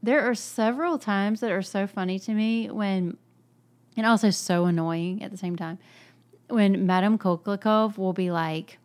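A woman's voice: medium pitch, unhurried, a little mellow. A woman co-hosting a podcast, chatting casually about a novel's characters. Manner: chatty, acts out quoted characters. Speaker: podcast co-host. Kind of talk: casual book discussion.

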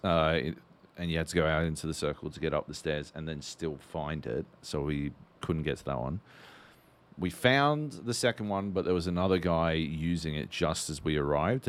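A man co-hosting a podcast in casual chat, telling a rambling story with plenty of swearing. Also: very deep voice. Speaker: podcast co-host.

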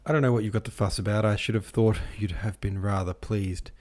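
In this audiobook, a man with a low voice reads a poor, sickly young woman who answers sullenly and pleads through tears. The voice is lifted a little above his own deep reading tone. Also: fairly even intonation, a little fast, darkish tone, natural voice. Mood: sullen, tearful. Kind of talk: audiobook character voice.

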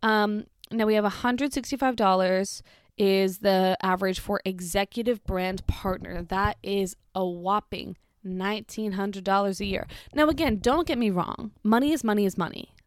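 A woman's voice: mid-range voice, moderate pace, clear, resonant tone, no echo, studio quality. A woman giving casual, sarcastic commentary, blunt and swearing now and then. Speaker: social media commentator.

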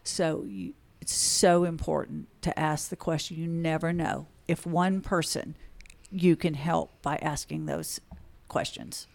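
A woman's voice: sits low, steady tone, measured pace, gravelly, a little mellow. A woman attorney, a podcast guest, telling stories earnestly and acting out the conversations she retells. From Texas, USA. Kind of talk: podcast interview.

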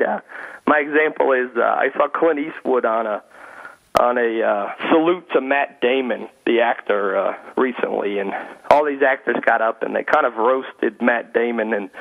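Over a tinny phone line, a comedian calls into a radio show as a guest for a casual interview. His medium-pitched, creaky voice is animated and chatty as he tells stories, leaning heavily on "you know."

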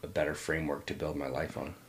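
A middle-aged man from Northern California, being interviewed and reflecting in a halting, thoughtful way. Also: a bass voice, little pitch movement.

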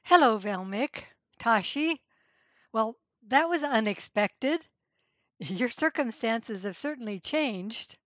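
A woman playing a stern, perceptive older female professor who speaks in a measured, questioning way. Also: on the high side, lively intonation, dry recording. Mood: brisk. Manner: measured, questioning, gently reproachful. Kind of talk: podcast role-play. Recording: slightly dull, dry recording.

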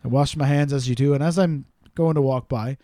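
A man's voice: mid-range voice, steady tone, brisk, warm tone, dry recording, clean studio sound. A man co-hosting a podcast, telling stories in casual, profane banter with a joking manner. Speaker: podcast co-host.

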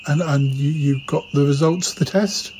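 A man's voice: fairly high pitch, fairly even intonation, moderate pace, a little mellow, slight background noise, rough recording. A man hosting a comedy podcast, talking in a flustered, stammering way. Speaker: podcast host. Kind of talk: comedic improvised chat.

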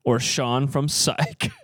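A man's voice: medium pitch, extremely slow, dry recording, clean studio sound. A man co-hosting a casual podcast chat, laughing often and posing playful questions to his brothers. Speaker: podcast co-host.

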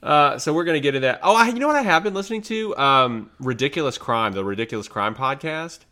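A man co-hosting a podcast in casual chat, quick and excitable, jumping between thoughts. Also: medium pitch. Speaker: podcast co-host.

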